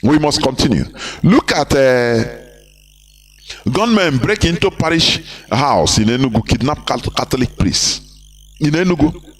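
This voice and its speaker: A man's voice: mid-range voice, animated, a little slow. A man giving an impassioned live broadcast, emphatic and repetitive, firing rhetorical questions at his listeners.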